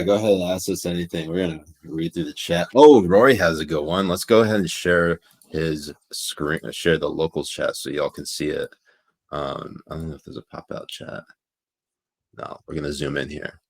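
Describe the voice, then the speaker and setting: Deep-voiced man reading viewer chat. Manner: jokey, laughs while reading viewer comments aloud. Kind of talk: casual livestream chat.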